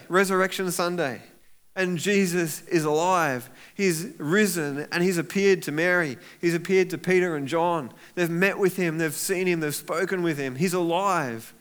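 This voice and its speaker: A man preaching a sermon as pastor, animated and acting out voices of people in the story. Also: sits high, unhurried, smooth.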